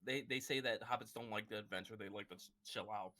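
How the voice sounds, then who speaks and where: A man's voice: lowish voice, fast, bright, forceful tone. A man co-hosting a book club podcast, rambling casually with plenty of filler words and frequent laughter. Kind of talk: casual chat.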